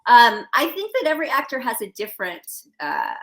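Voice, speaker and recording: Woman, middle-aged, bright tense voice, chatty, candid, laughs a lot. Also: on the high side, sing-song, fairly quick, creaky. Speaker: guest actress. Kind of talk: casual podcast chat.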